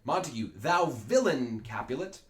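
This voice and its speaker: A man voicing an angry old male head of a noble house, shouting demands in a raised, strained voice. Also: medium pitch, sing-song, normal speed, close to an everyday voice. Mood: blustering. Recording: echoey room.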